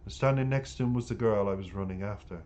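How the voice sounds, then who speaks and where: A man's voice: on the low side, quick pace, darkish tone. A man reading a novel aloud as a first-person narrator, in an earnest, plain storytelling manner. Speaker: audiobook narrator.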